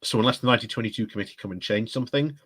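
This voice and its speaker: A man's voice: mid-range voice, rapid-fire, fairly bright tone, slightly rough. A man hosting a casual political commentary vlog, rambling and hedging as he talks. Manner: rambling, hedging with lots of ums and "like I say". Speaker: host.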